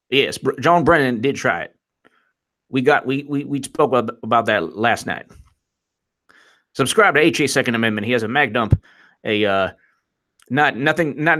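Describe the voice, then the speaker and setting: A man's voice: mid-range voice, fairly bright tone. Rambling sarcastic male commentator. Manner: rambling, sarcastic, stumbling restarts; laughs at own jokes, mocking impressions. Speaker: political commentary host. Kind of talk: casual livestream commentary.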